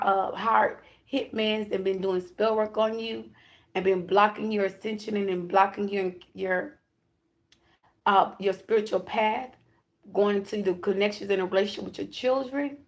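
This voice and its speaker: Gravelly woman delivering a spiritual message. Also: mid-range voice. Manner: emphatic, repetitive declarations with casual profanity. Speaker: self-described high priestess giving a spiritual reading. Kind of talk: channeled spiritual message to viewers.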